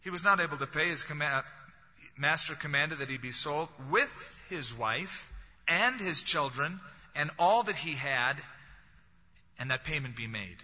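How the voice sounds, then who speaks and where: A man delivers a sermon in a bright, cutting, somewhat husky voice that sits a little high. He talks conversationally and drops in wry jokes. The recording is dull and lo-fi, with a long reverb tail as if in a large hall. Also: animated, unhurried. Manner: conversational, with wry humorous asides. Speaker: pastor.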